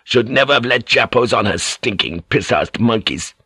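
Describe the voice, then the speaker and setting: A man's voice: medium pitch, expressive, moderate pace, sharp tone, husky, dry recording, clean studio sound. A man doing a whining, foul-mouthed old sailor. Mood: bitter. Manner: whining, cursing, complaining.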